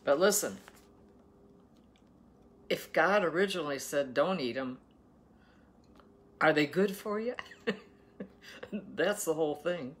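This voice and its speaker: A daily Bible reader and host from Ohio, USA, reads scripture aloud and breaks off for chatty, folksy asides, asking her listeners playful questions between verses. Her voice is low-pitched and animated, unhurried, with frequent pauses.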